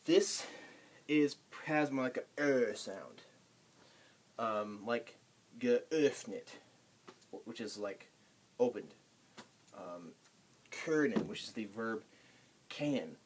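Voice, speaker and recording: Man, casual language tutor, unhurried and halting, mid-range voice. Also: medium pitch, slight background noise. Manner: halting, many ums and restarts. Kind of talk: casual pronunciation lesson.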